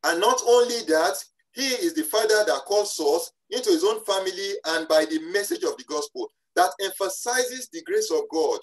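A preacher delivers a sermon at a church service. The voice is emphatic and slows deliberately on key phrases. The speaker often restarts and repeats words mid-sentence. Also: mid-range voice, animated, rough recording.

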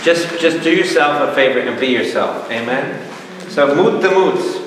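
A priest leading a Bible study, animated and jokey, quizzing his audience. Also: fairly high pitch, normal speed. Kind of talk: lively Bible study teaching. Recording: echoey hall, mic far off, noisy.

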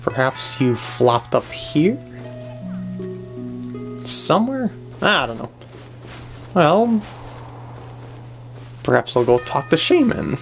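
A woman with a deep, low voice talks through a video game at an unhurried pace. Her commentary is chatty and playful, and she often talks to the characters on screen. Soft game music plays faintly behind her. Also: sing-song, vocal fry. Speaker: gaming commentator. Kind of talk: let's play commentary.

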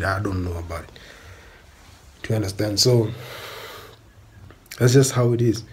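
A man's voice: on the low side, normal speed, pauses often, a little mellow, a little hiss or hum. A South African man ranting bluntly on a stream, repeating himself and swearing. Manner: blunt, repetitive, swearing, emphatic. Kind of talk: angry ranting monologue.

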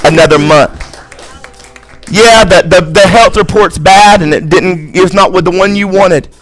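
A male pastor delivers a fervent, repetitive sermon in a church, his voice high and bright with a forceful edge. Soft music plays faintly behind him on a live stream recording. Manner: fervent, repetitive preaching with altar call. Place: church sanctuary.

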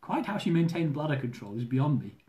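A man reading his own humorous travel memoir aloud, lively and dramatic, with comic swearing. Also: on the high side, brisk. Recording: roomy echo.

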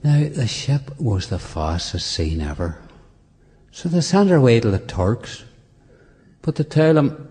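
A man's voice: medium pitch, very animated, a little slow, pauses often, dark tone. A man with a Northern Irish accent reciting a comic poem with dry storytelling and asides, in a performance hall.

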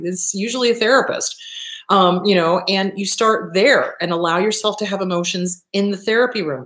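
A middle-aged woman, a therapist, giving blunt, profane, expressive advice in a casual monologue. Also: fairly low pitch. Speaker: therapist, show host. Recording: echoey room.

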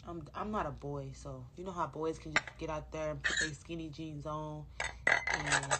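This low-pitched woman keeps her intonation fairly even and her pace moderate while casually swearing her way through a livestream chat with fans. She's a rapper recording on her phone amid heavy background noise.

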